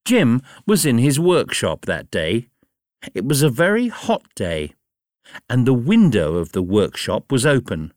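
A man narrates a simple storybook for language learners at a very slow, deliberate pace. His pitch rises and falls dramatically to keep it lively. The recording is dry and close. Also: no echo. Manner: very slow, clear, highly expressive reading. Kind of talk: graded reader storybook narration.

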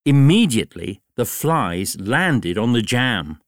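A man narrates a simple storybook for language learners at a very slow, deliberate pace. His pitch rises and falls dramatically to keep it lively. The recording is dry and close. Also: no echo. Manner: very slow, clear, highly expressive reading. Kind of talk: graded reader storybook narration.

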